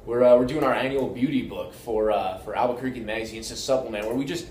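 A man's voice: mid-range voice, fast talker, darkish tone. A man who writes for a magazine chats jokily and laughs often during a home visit. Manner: upbeat and jokey, laughs often. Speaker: magazine interviewer. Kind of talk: casual chat. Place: vlogger's home. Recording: roomy echo with faint noise.

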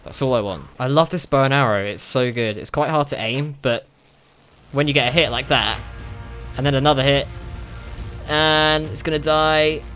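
A young man giving casual, excitable commentary while playing a video game, swearing and laughing often. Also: mid-range voice, normal speed, soft background music. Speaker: gaming video host.

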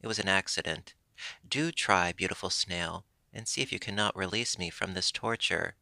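A man's voice: sits low, normal speed, vocal fry, sharp tone, no echo, exaggerated voice. A man voicing a desperate young wooden boy puppet, pleading urgently in a raised voice.

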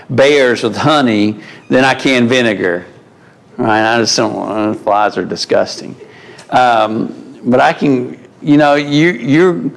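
A man's voice: medium pitch, creaky. A man teaching a mid-week Bible class in a church, in a conversational way, asking the class questions. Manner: conversational, asks the class questions, folksy phrasing.

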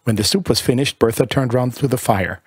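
Husky male audiobook narrator. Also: medium pitch, dry recording. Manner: measured, lyrical reading.

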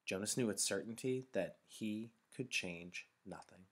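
A man, a teacher, reading a novel aloud in a calm, measured storytelling voice. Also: on the low side, breathy edge. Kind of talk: novel read-aloud narration.

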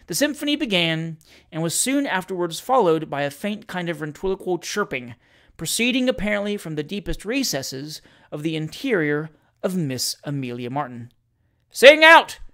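A reader giving a lively, theatrical reading of a comic story, with expressive narration. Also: medium pitch, normal speed. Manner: lively, theatrical narration with shouted character lines. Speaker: reader of classic fiction.

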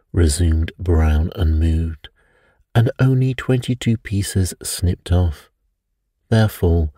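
A man voicing a calm, thoughtful middle-aged priest detective who reasons things out in an unhurried way, read for an audiobook. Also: low-pitched, breathy edge, no room sound, clean studio sound, full character voice. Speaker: priest sleuth. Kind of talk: audiobook character reading.

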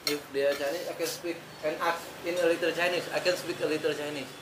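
A woman's voice: low-pitched, fairly even intonation, fast talker. A woman vlogging at an outdoor street food stall, chatting in simple non-native English and murmuring while she eats. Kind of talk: casual chat while eating. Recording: noisy street recording.

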